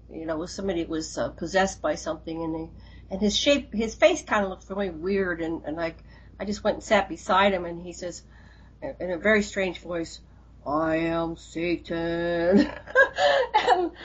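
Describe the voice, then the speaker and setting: A woman's voice: medium pitch, brisk, husky. Chatty woman co-hosting a radio show. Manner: animated storytelling with laughs and restarts. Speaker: radio co-host. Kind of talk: casual interview chat. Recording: dull lo-fi radio audio.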